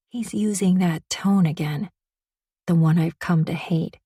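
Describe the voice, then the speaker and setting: A woman narrating a romance audiobook in the first person, soft and emotional. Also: lowish voice, measured pace, breathy edge, no echo, clean studio sound. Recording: distant mic.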